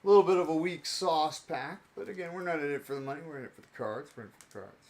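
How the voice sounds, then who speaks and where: A man's voice: on the high side, fast talker, slight background noise. A young man chatting casually on his live stream as he opens card packs, rambling and joking about himself.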